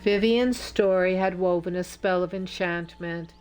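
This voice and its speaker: A woman narrating an audiobook in a slow, measured storytelling manner. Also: fairly low pitch, fairly even intonation, a little mellow, clear, resonant tone.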